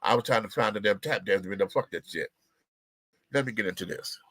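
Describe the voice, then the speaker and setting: Male host, sassy and theatrical gossip commentary, bright, close and dry. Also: on the low side, fairly quick, dry recording. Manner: talks to the audience while fixing tech. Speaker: show host. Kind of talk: live-stream gossip commentary.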